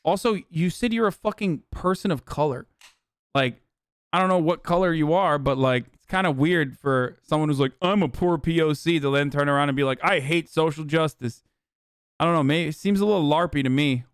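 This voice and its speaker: Brisk and mocking, this streamer host fires off heated, profane rants at his chat. His voice is resonant and smooth, on the high side for a man, captured close and dry with no echo.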